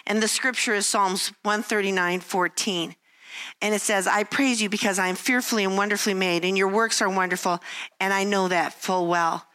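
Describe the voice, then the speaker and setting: An older woman speaks with a bright, clear voice at a middle pitch. She tells candid, self-deprecating stories from her family life in a devotional talk, breaking into little acted-out quotes. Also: steady tone, normal speed. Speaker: Christian speaker.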